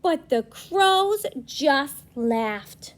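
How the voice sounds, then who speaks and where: A young woman, a preschool teacher, reading a storybook aloud to children and gently asking them questions. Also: sits high, animated, very slow.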